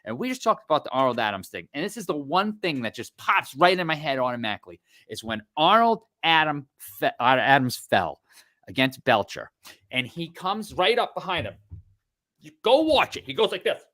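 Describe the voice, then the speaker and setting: Animated man ranting on a podcast. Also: on the high side, a little fast. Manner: animated, swearing, acting out quotes. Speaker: podcast co-host. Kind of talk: casual podcast chat.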